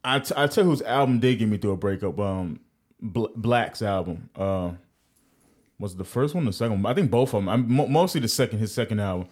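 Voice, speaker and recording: A man's voice: fairly low pitch, animated, fairly quick, a little mellow. A young man from New York on a casual podcast chat, telling stories loosely with lots of swearing and laughter. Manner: laid-back storytelling with lots of profanity and laughter. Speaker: podcast co-host.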